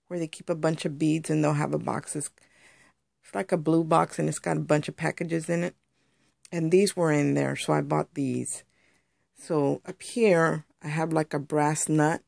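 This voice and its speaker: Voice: mid-range voice, gravelly, no room sound, studio quality. A crafter chatting through a casual show-and-tell tutorial on handmade jewelry, rambling and explaining step by step.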